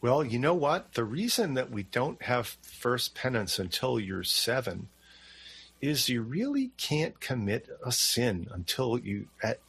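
Husky-voiced male radio host. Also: mid-range voice. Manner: calm, reassuring explanations. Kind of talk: call-in radio talk.

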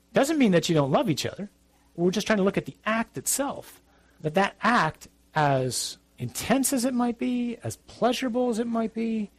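Husky-voiced man preaching conversationally. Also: high voice, no room sound. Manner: conversational, emphatic preaching with asides. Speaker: priest. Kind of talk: sermon.

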